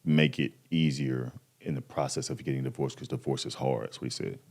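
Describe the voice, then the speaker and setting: A man's voice: very deep voice, a little fast, creaky. A man in his thirties, a podcast guest, casually telling a personal story with lots of slang and acted-out quotes. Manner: animated, acts out quoted voices, slangy.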